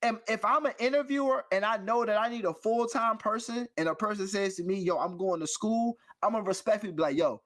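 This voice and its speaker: Emphatic high-pitched man ranting. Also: fast talker, few pauses, fairly bright tone. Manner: emphatic, rhetorical questions, slangy. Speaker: podcast co-host. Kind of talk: casual chat, ranting.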